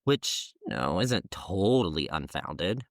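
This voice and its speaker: A man's voice: sits low, very animated, slow pace, creaky, dry recording, clean studio sound. Playful man co-hosting a history podcast. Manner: playful, slangy, jokey. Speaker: podcast co-host. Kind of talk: casual history chat.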